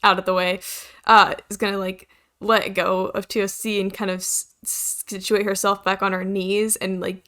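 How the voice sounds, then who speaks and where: A woman's voice: mid-range voice, little pitch movement, normal speed, fairly bright tone. A woman playing a tabletop game, giggly and hesitant, describing her character's actions. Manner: giggly, hesitant, many fillers. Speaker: player. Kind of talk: casual tabletop game play.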